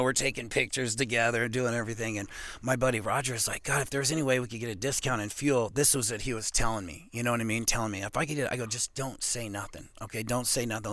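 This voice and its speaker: A man from Montana, a professional arm wrestler, telling a long casual story as a podcast guest, rambling and animated with lots of "you know what I mean". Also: medium pitch, dry recording. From Montana, USA.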